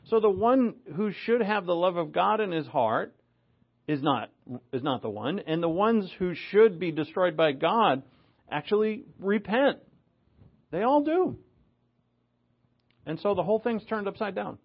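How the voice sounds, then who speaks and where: A man preaching a sermon, animated, moving between loud emphasis and low asides. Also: measured pace, vocal fry, long pauses, slightly rough, lo-fi sound.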